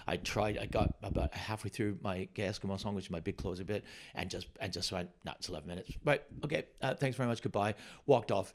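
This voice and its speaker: Middle-aged male comedian, slightly low voice, animated halting storyteller. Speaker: comedian guest. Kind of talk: storytelling anecdote on a podcast.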